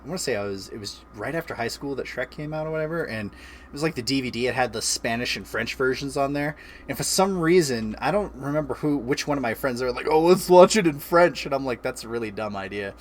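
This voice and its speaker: A man in his thirties hosts a relaxed chat and tells stories in an animated way, laughing often. His voice sits at an everyday middle pitch. A faint hiss lies under the recording. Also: fast talker. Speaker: streamer host. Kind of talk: casual chat.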